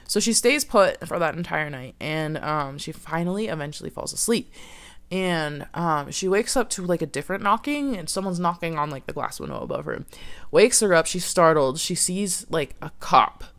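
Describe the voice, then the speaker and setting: A woman's voice: low voice, expressive, moderate pace, fairly bright tone. Chatty woman telling a campfire story. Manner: chatty, filler-heavy, lots of "like".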